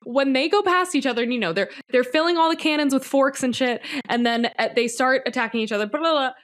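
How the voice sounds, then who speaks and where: A woman with a notably high voice, a guest on a casual film podcast. She tells her story excitedly, piling clause on clause. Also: fast.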